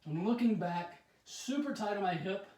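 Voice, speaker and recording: A man's voice: high voice, expressive, moderate pace, darkish tone, far from the mic. Breathless man demoing yoga in an echoey room. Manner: chatty, self-deprecating, frequent throat clearing. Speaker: yoga practitioner demonstrating poses. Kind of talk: casual home yoga demonstration.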